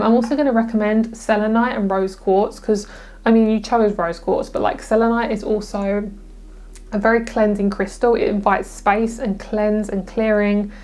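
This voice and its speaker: A young woman giving a casual pick-a-card tarot reading, gushing and excitable, with frequent swearing. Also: medium pitch. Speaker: tarot reader.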